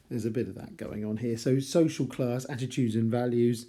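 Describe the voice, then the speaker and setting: A man's voice: mid-range voice, steady tone, moderate pace, few pauses, mellow. A man teaching a novel chapter by chapter in a conversational, wry way with chatty asides. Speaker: literature teacher. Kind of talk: casual chapter-by-chapter novel analysis.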